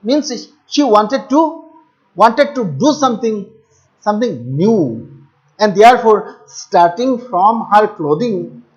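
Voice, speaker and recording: A middle-aged Indian man with a high voice teaches an English class. He repeats key words often and drops into Hindi to explain terms to his students. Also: expressive, slow pace, a little mellow, muffled recording. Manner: addresses students as "my dear children". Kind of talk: classroom lesson explaining a textbook chapter.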